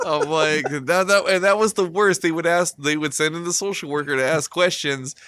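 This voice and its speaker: A man's voice: a little high, steady tone, moderate pace, fairly bright tone, smooth, no room sound. A middle-aged man tells stories on a casual podcast, full of swearing and sarcasm, and keeps breaking into laughter. His voice sits close and dry on the mic, with almost no room sound. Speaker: podcast co-host. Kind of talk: casual chat, storytelling.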